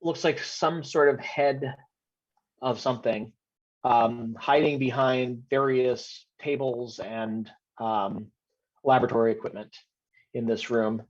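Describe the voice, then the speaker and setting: A man narrating a tabletop game as game master, hesitant, with many pauses and ums while describing scenes. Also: mid-range voice, fairly even intonation. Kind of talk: narrating a tabletop game over video call. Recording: dull lo-fi audio.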